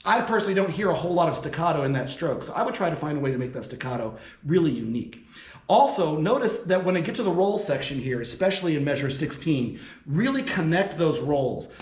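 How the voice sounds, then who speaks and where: A man's voice: fairly high pitch, animated, quick pace. A man giving a percussion lesson, explaining audition tips and counting rhythms aloud as he demonstrates. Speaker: percussion professor. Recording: roomy with loud marimba.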